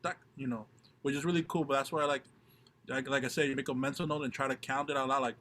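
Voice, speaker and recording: A man's voice: medium pitch, little pitch movement, rapid-fire, sharp tone. A man on a drumming video call, chatting casually and filling his speech with "like". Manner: filler-heavy, repeats "like" a lot. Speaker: drummer guest on a stream. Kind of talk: casual chat.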